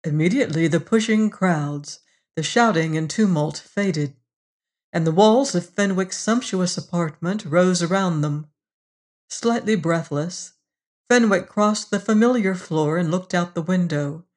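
A narrator reading a story aloud in a slow, measured storytelling manner. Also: medium pitch, darkish tone. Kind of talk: audiobook reading.

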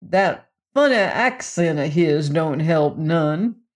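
A man's voice: fairly high pitch, animated, takes it slowly. A man voicing a plainspoken old western sheriff with a rural drawl. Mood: folksy storytelling.

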